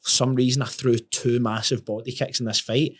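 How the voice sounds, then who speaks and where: A young man, a podcast guest telling a story in casual talk, sweary and animated, often restarting his words. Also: mid-range voice, a little fast.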